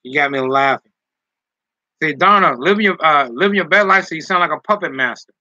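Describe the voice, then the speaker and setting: Casual male streamer reading chat; teasing, laughs a lot; sharp tense tone on a dull lo-fi mic. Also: on the high side, lively intonation, fairly quick, no echo. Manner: teasing, joking, laughs often.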